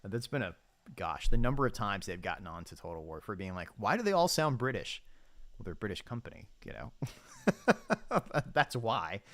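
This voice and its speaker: A man's voice: low-pitched, a bit bright. A man giving casual gameplay commentary as a streamer, chatty and thinking aloud while he sets up his army. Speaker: game streamer.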